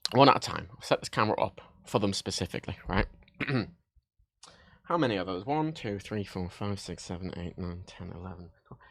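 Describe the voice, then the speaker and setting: A man hosting a livestream from his desk, chatting casually and excitedly while he jokes and rambles through a show-and-tell. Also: medium pitch, no echo. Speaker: livestream host. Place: home desk setup.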